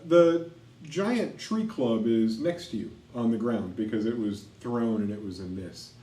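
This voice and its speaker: A man's voice: medium pitch, animated, a little slow, mellow. A man narrating a tabletop game as game master, with a dry, joking way of handing out rulings. His voice sits in a roomy, echoing space, picked up from a little way off the mic. A faint hiss runs under it. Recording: roomy echo, mic at a distance, faint noise.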